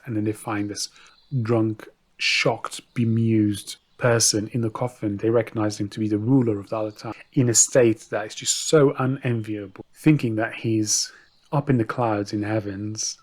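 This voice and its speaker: A man's voice: on the low side, darkish tone. A man narrating a story in a casual, conversational way, with asides to the listener.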